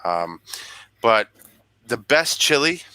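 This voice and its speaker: A man co-hosting over a video call, with a very bright, edgy voice and a dry sound. He argues playfully and acts outraged, but it is all for laughs. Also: mid-range voice, sing-song, slow pace, smooth, no room sound. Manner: playfully argumentative, mock-indignant. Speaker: co-host. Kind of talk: casual video-call chat show.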